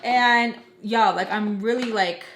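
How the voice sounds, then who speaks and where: A woman's voice: a little high, slow pace, slight background noise. A young woman telling a dramatic story from her own life as a vlogger, in casual chat full of fillers, acting out the voices of the people in it. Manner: animated, lots of filler "like", quotes others in lively voices. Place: indoors at home doing makeup. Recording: echoey room.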